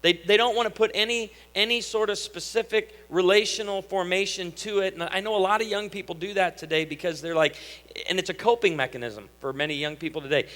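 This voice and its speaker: A man in his thirties with a high, light voice preaches with a drawl, swinging into lively storytelling as he acts out family dialogue. His sermon carries through a church hall with a long, lingering reverb. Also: fairly quick. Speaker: pastor. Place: church sanctuary.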